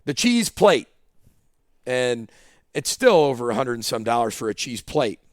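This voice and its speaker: A man's voice: medium pitch, a little slow, no room sound, studio quality. A man, a football coach, telling a story in a casual podcast interview and acting out dialogue. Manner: animated storyteller, acts out dialogue. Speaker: head football coach, guest. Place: podcast studio.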